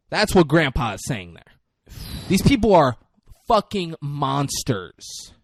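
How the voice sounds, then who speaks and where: A man chats casually on a podcast, walking through a movie's plot. His pitch is lively and jumps around, and he swears freely. The sound is close and dry, with no room echo. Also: slow pace. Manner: retells scenes acting out characters' lines with big swings in pitch and loudness. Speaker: podcast co-host. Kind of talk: casual movie recap chat.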